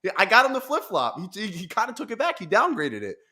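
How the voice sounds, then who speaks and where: Bright-voiced animated man ranting. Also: sits high, quick pace. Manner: animated, profane, laughing rants. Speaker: podcast host. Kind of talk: casual podcast chat.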